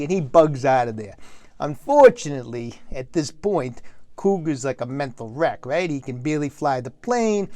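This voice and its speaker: A man's voice: fairly high pitch, a little mellow, dry recording. A man playing a wise-guy movie critic, recapping a film in a rambling way with lots of fillers. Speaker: comic movie reviewer.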